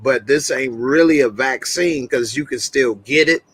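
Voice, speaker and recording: Bright-voiced man telling stories on a stream. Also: medium pitch, measured pace, husky, no echo. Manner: loose storytelling with slang and frequent laughs. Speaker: host of a live talk stream. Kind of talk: casual live-stream chat.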